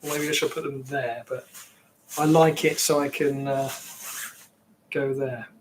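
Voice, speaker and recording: A man's voice: mid-range voice, steady tone, a little slow, slight background noise. A man from England with an English accent, rambling casually as he chats with viewers on his livestream. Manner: rambling, chatty, reacting to viewers. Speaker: livestream host.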